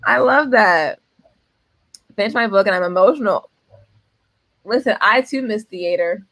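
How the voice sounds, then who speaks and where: A woman's voice: mid-range voice, unhurried, a bit bright, no room sound. A young woman with an East Coast American accent co-hosting a livestream, chatty and self-teasing, laughing often. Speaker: readathon co-host. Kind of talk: casual livestream chat.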